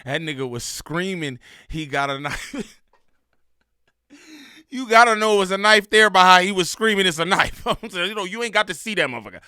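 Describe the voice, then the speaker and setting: Rich: A man co-hosting a casual commentary show, emphatic and quick to laugh. His voice is fairly high and very bright, and it sounds dry and close, with no room behind it. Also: clean tone, no echo. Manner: animated, emphatic, laughs often.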